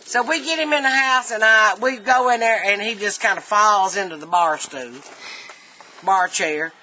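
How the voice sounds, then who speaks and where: A woman's voice: mid-range voice, normal speed, bright, forceful tone, a little hiss or hum, poor audio. A middle-aged woman telling a family story casually, laughing often.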